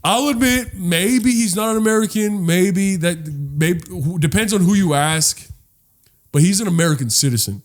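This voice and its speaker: A man co-hosting a podcast in casual chat, animated and profane, rambling with many restarts. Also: sits high, moderate pace. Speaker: podcast co-host.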